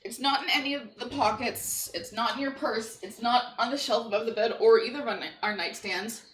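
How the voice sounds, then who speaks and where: Woman teasing from across the room, quick and insistent, highish voice, echoey with faint noise. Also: fairly bright tone. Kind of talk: casual chat.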